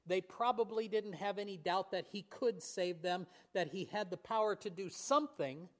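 A man preaching a sermon in an earnest way, often slowing and dropping to a near whisper on key words. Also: high voice. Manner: earnest, with fillers and restarts, voice swings between hushed and raised. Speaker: pastor.

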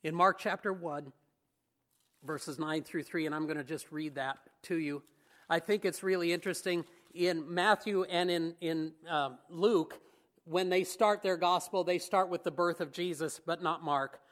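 Preaching at a slightly slow pace, this man speaks in a voice that sits high for his gender. His sermon is casual and conversational, peppered with rhetorical questions, and his light, easygoing tone breaks now and then into a chuckle.

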